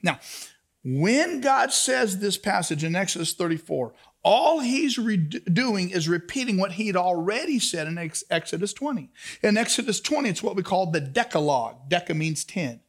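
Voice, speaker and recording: A man preaching a sermon to a congregation, moving from soft asides to shouted emphasis and calling out questions to the room. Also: high-pitched, big pitch swings, moderate pace. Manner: talks back and forth with the congregation. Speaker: pastor.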